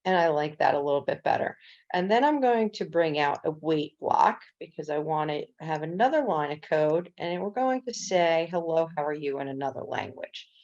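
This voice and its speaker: Low, gravelly-voiced woman teaching coding. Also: expressive, moderate pace, darkish tone. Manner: step-by-step explaining with casual fillers. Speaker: coding instructor. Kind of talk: screen-recorded coding tutorial. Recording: dull lo-fi recording.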